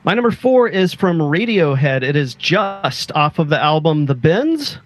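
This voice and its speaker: A man's voice: a little high, very animated, a little slow. A man co-hosting a casual podcast, enthusiastically recounting a music video and acting out its lines. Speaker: podcast co-host. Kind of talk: casual chat.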